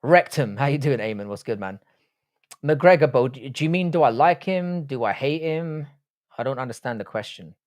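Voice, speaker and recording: A man's voice: mid-range voice, animated, a little fast, darkish tone, no echo, studio quality. A man, hosting a casual livestream, reading out viewer comments and bantering with plenty of swearing and slang. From United Kingdom. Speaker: livestream host.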